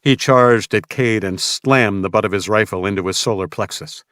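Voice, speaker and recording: A man's voice: fairly low pitch, moderate pace, a bit bright, no echo. A man narrating a tense audiobook in a dramatic storytelling manner.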